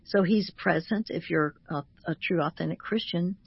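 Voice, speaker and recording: A woman who is a Christian author, speaking as a guest on a radio talk show in a measured, teaching manner and slowing down to stress each word. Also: fairly low pitch, gravelly, husky, no echo, muffled recording.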